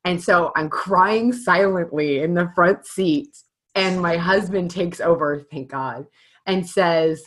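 A woman in her thirties, a mother of young children, chatting casually and telling a family story in an animated, self-mocking way. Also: on the low side, slow. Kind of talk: casual chat.

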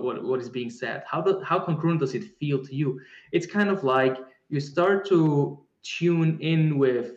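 A man's voice: a little high, reverberant, highs cut off. A man answering a question in a reflective, conversational way, often restarting and searching for the right words. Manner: searching, many restarts and fillers. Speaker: guest speaker on embodiment.

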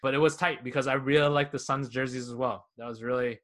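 A male podcast host with a bright, clear voice. He talks in a relaxed, rambling way and uses slang freely while he judges the panel. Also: mid-range voice, quick pace. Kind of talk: casual panel chat.

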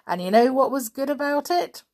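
A woman's voice: high-pitched, lively intonation, moderate pace, darkish tone, pitched above the performer's own voice. A woman reading the lines of an easygoing, jolly male bear in a storybook.

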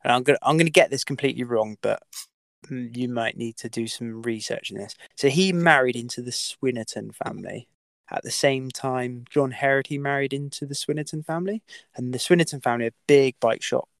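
A man's voice: mid-range voice, fairly quick, gravelly, no echo. A man telling a story as a podcast guest, with many fillers, restarts and the odd swear word. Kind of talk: casual storytelling.

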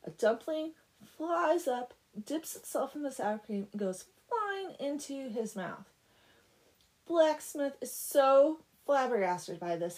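Telling a folk tale in a relaxed, comic way, this young storyteller adds chatty and sarcastic side comments. Her pitch is fairly high, and her voice has a slightly mellow quality.

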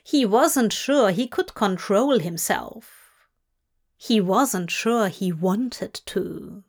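A woman giving a steady, measured narration of a fan-fiction story. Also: mid-range voice. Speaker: audiobook reader.

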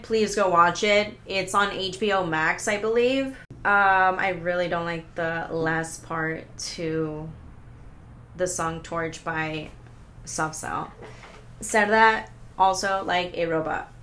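A woman hosting a solo podcast, talking in an excitable, rambling way, swearing often, stopping herself and restarting, pacing as she talks. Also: mid-range voice. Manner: paces around while talking. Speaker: podcast host. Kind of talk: casual solo podcast rant.

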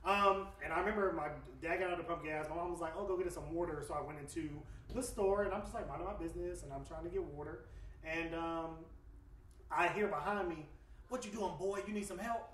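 A man, hosting a podcast and telling a personal story in a candid, relaxed way. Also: on the high side, brisk, far from the mic. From Atlanta, USA. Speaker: podcast host. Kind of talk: casual podcast chat. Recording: roomy, off-mic.

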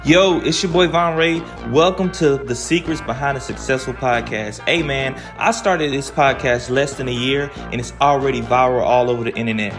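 A man's voice: medium pitch, normal speed, hardly any pauses, music in the background. A man hosting his podcast, reading his own promo in a hyped, punchy way. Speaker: podcast host. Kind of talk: podcast talk and ad read.

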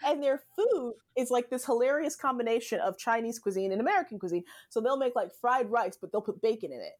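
A woman's voice: fairly high pitch, a little fast. A woman chatting casually as a guest, full of fillers and frequent laughter. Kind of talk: casual conversation. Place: Southern United States.

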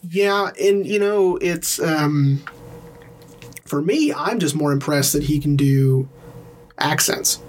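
A man co-hosting a casual podcast, hesitant and full of pauses as he thinks aloud. His voice sits a little high. A faint hiss runs behind him. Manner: hesitant, many ums and trailing sentences. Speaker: podcast co-host. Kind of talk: casual chat.

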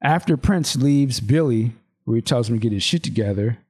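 A man chatting on a podcast as he reads a screenplay aloud. He talks loosely, breaking off with asides and restarts. His voice sits at an average pitch. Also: animated, normal speed, a little mellow. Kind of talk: casual chat, reading a script aloud.

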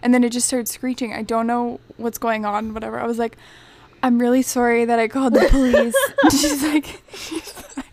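Young woman, podcast co-host, slightly high voice, animated storytelling, casual chat. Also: moderate pace, no room sound. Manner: animated storyteller, heavy use of "like".

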